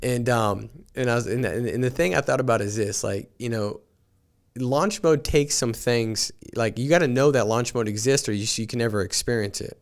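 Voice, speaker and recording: A man with a mid-range voice, speaking at normal speed, hosts a morning podcast and also leads a sales team. He tells stories in an earnest, motivational talk, often restarting with repeated words.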